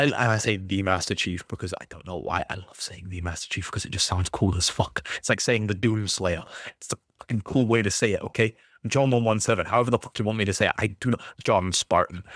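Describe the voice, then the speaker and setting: A man's voice: lowish voice, fairly bright tone, dry recording, studio quality. A man ranting about a video game series he loves, swearing constantly in an exasperated, passionate way. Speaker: gaming YouTuber.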